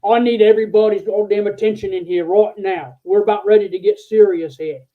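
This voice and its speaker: A man putting on a rough Australian accent to play a stern, huge three-star general barking orders at a room. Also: high voice, steady tone, brisk, close to an everyday voice. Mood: commanding. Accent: Australian, done badly. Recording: tinny phone-like line.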